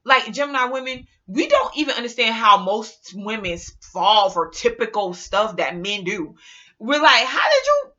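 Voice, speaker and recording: A woman vlogger talking casually to her viewers in an animated, rambling, slangy way. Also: fairly high pitch, normal speed, lo-fi sound. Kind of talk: casual monologue to camera.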